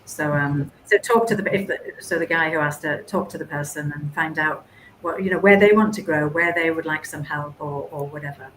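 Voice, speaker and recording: Lower-pitched woman business coach, chatty and animated, recorded in a roomy echoey space. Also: brisk. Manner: chatty, animated, restarts often. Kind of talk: webinar panel answer. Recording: echoey room with faint noise.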